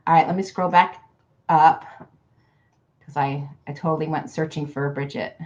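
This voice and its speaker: A woman's voice: deep voice, fairly even intonation, moderate pace, a little mellow, muffled recording, a little hiss or hum. A woman giving casual card readings to viewers on a livestream, chatty and affectionate, calling people hun. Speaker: card reader.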